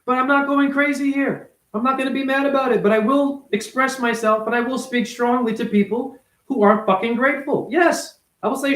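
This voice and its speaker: A man's voice: very high voice, fairly even intonation, fairly quick, fairly bright tone, echoey room, poor audio. A man, a former ballet dancer, delivering an unscripted, blunt and profane monologue in his apartment.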